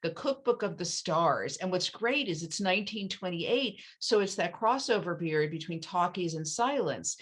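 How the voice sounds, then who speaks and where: A woman's voice: fairly low pitch, animated, moderate pace, few pauses. A woman author chatting casually and animatedly, with many fillers and restarts. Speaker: author and interviewer.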